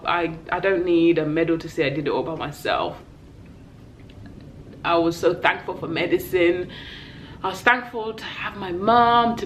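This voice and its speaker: A woman's voice: fairly low pitch, a bit bright, a little hiss or hum, rough recording. A young woman with a London accent, a vlogger telling an emotional personal story in a heartfelt, tearful way. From England. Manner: tearful, heartfelt, acts out voices in her story.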